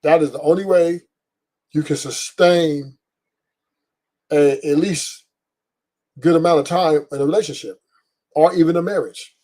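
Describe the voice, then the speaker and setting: A man's voice: on the high side, steady tone, unhurried, pauses often, dark tone. A man hosting an online show, giving emphatic opinion commentary and repeating his key points. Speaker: host.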